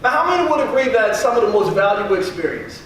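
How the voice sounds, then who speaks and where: A man's voice: high-pitched, big pitch swings, fast, a bit bright. A man giving a motivational speech to a live audience, emphatic and repeating key phrases for effect. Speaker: motivational speaker. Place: large echoey room with audience. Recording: very echoey, from far off, faint noise.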